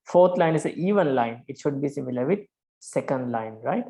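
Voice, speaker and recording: Woman, low pitch, online lesson, checks in often, counts syllables aloud. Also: lively intonation, moderate pace, mellow. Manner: patient, repeats key words, checks with "right?"; sounds out verse syllable by syllable. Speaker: Pali prosody teacher.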